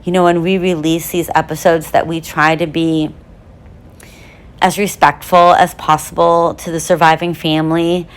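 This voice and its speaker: A woman's voice: deep voice, level tone, normal speed. Chatty bubbly woman with lots of fillers. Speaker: true crime podcast host. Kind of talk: casual podcast monologue.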